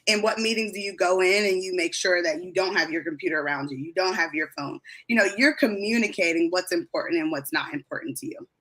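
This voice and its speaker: A woman's voice: fairly low pitch, fast, few pauses, fairly bright tone. Affirming woman guest on a video call. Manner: affirming, lots of "absolutely" and laughs. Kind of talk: casual live-stream chat.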